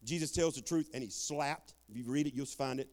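An older man preaching a folksy sermon, calling out for amens and swinging between loud bursts and quiet asides. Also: mid-range voice, brisk. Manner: folksy Southern preaching, calls for amen, swings loud and soft.

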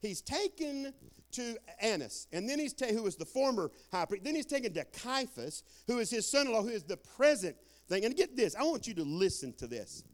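An older man preaches a sermon in a homespun, folksy way. He keeps calling out for amens. He swings from shouted bursts down to low, quiet asides. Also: very animated, normal speed. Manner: folksy Southern preaching, calls for amen, swings loud and soft.

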